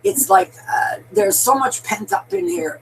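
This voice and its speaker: Older woman ranting with lively pitch. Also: measured pace, gravelly, a little hiss or hum, low-quality recording. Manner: ranting, emphatic, rambling, addresses listeners as darlings. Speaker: political commentator. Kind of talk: rambling political monologue.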